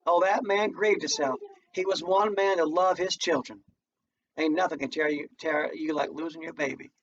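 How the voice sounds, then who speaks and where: A man's voice: fairly high pitch, a bit bright. A man voicing a firm, weary old mother. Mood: wistful. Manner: slow, folksy dialect. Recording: distant muffled home recording, faint noise.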